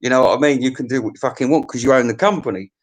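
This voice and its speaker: A man's voice: mid-range voice, racing. A man, hosting a music countdown in a rambling, opinionated comic monologue full of swearing, restarts and stammers.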